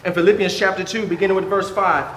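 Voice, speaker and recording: A man preaching a fervent sermon, firing rhetorical questions and stumbling into quick restarts. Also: sits high, fairly even intonation, fairly bright tone, roomy sound, slight background noise.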